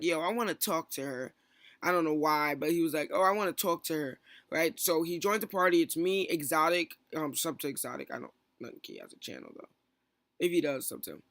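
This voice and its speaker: A young man tells a rambling story in a casual vlog, restarting sentences and snapping into quoted lines. His voice is bright and sits a little high, recorded close and dry with no room sound. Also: dry recording. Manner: rambling, restarts often, quotes others in quick bursts. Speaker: stream moderator.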